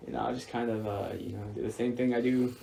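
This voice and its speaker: A laid-back man on a podcast who talks in a hesitant way, with plenty of fillers. His pitch sits in the ordinary middle range, and a faint noise hums beneath his voice. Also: little pitch movement, fast talker, vocal fry, mellow. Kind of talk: casual chat.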